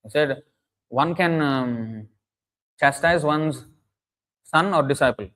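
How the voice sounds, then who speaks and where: A man's voice: on the high side, takes it slowly, fairly bright tone, low-quality recording. A man giving an earnest, emphatic sermon, often restarting phrases and chanting Sanskrit verses. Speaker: preacher. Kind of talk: sermon lecture.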